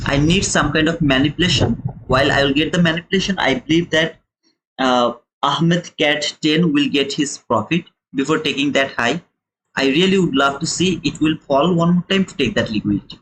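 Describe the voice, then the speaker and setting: A man's voice: a little high, normal speed, a bit bright, rough recording. A young man with a non-native English accent giving live trading commentary, chatty and repetitive as he walks viewers through a chart and calls them brother. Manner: explains chart step by step, repeats key points. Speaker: day-trading streamer.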